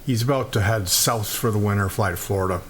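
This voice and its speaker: Relaxed male joke teller. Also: fairly low pitch, quick pace. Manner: relaxed storytelling. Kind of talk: telling jokes.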